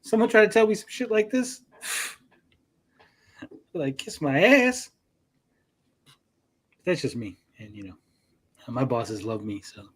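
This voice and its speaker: A man's voice: medium pitch, big pitch swings, slow pace, long pauses, slightly rough. A man co-hosting a livestream podcast, talking bluntly and profanely and mocking people with put-on quotes. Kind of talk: profane, blunt casual chat.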